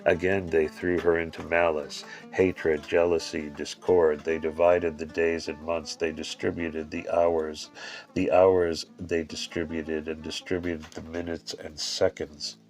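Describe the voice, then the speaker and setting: A man reading a religious text aloud in a steady, measured recitation, with the odd slip. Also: rumbling low, faint music behind. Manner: steady, measured recitation with occasional filler slips. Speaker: scripture reader.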